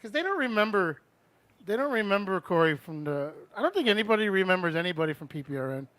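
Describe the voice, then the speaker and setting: A man's voice: sits high, sing-song, fast, a bit bright, dry recording. A man hosting a live-streamed radio show, talking casually and bluntly, swearing freely and giving strong opinions.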